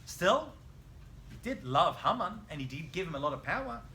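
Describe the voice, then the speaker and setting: A man, a rabbi, teaching a lively Bible lesson in a classroom, telling the story with animation and quizzing his students. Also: a little high, normal speed, slight background noise.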